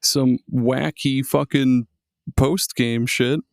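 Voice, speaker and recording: A man's voice: medium pitch, fairly even intonation, slow pace, creaky, no room sound, clean studio sound. A man in his thirties co-hosting a casual podcast, laid-back and swearing often. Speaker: podcast co-host. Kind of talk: casual chat.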